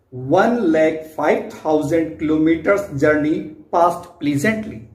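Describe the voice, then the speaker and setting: Slow Indian English teacher, echoey room. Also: male voice, a little high, a little mellow. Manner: slow, repetitive explaining, addresses students directly. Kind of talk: classroom lecture explaining a text. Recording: roomy echo.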